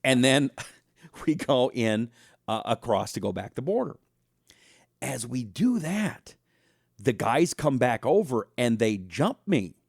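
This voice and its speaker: A man hosting a talk show, delivering a casual monologue as an animated storyteller who speaks straight to his audience. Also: medium pitch, takes it slowly, gravelly, pauses often, dry recording, studio quality. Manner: animated storyteller, acts out voices, talks directly to the audience.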